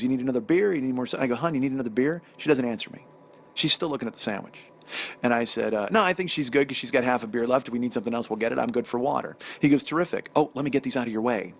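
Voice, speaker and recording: Gravelly man ranting comic story. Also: mid-range voice. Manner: animated, profane, ranting. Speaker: podcast host telling a story. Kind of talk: comedic storytelling monologue.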